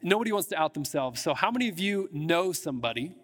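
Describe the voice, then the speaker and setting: A man with a high voice preaching a sermon in a casual, conversational way. He restarts his phrases often and sprinkles in filler words as he talks to the congregation. His voice rings with the long reverb of a church hall. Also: sing-song, quick pace, fairly bright tone, slight background noise. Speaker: pastor. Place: church sanctuary.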